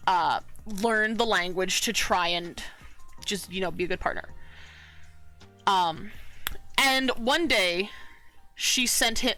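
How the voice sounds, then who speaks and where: A woman's voice: medium pitch, bright, forceful tone. A woman streamer telling a story to her chat in a casual, rambling way, full of fillers and the odd swear. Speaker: art streamer.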